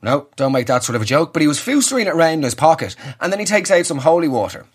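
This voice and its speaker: Irish man, young adult, comic storyteller, husky voice, lively swooping pitch, sweary rants. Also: fast talker. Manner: animated, sweary, exasperated ranting. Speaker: comedian.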